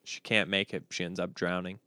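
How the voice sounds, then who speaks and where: A man hosting a podcast, telling jokes in an animated, chuckling way and often repeating himself. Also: sits low, brisk, no room sound, studio quality. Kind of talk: casual joke-telling chat.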